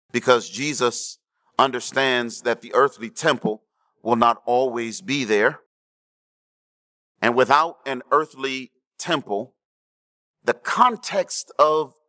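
A man preaching a sermon, checking in with the congregation and swinging between hushed low lines and raised emphatic ones. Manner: preaching with call-and-response asides to the congregation. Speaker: pastor.

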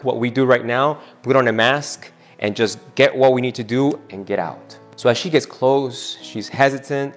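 A man's voice: medium pitch, fairly quick, few pauses, faint music behind. A man preaching a sermon, retelling a scripture scene in a storytelling way and voicing the people in it. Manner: retells the scripture scene, acting out both speakers' lines. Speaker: pastor.

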